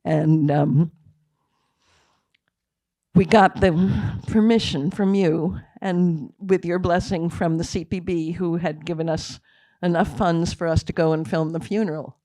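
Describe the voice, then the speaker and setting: Older woman, halting, emotional storyteller. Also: lowish voice, steady tone, warm tone, no room sound. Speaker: film director. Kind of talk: Q&A after a screening.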